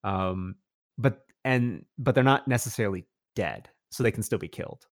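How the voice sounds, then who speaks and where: A man's voice: lowish voice, normal speed, dry recording, clean studio sound. A man in casual chat, recommending a show with rambling enthusiasm, full of restarts and fillers.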